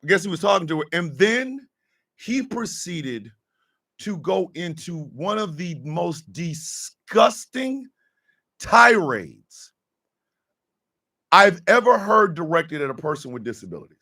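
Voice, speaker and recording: A man hosting a podcast, delivering a profane, exasperated comedic rant and often shouting. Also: sits high, very animated, slow. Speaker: podcast host.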